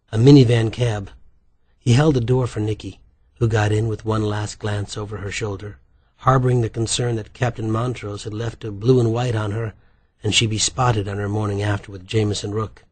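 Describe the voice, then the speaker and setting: A man reading a novel aloud as narrator in an even, measured way. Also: lowish voice, breathy edge, no room sound. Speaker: audiobook narrator. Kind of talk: scripted narration.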